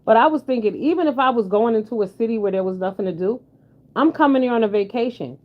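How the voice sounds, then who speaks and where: A woman's voice: on the high side, lively intonation, quick pace. Blunt sassy woman vlogger, lo-fi. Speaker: commentary vlogger. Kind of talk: casual commentary chat. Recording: dull lo-fi sound.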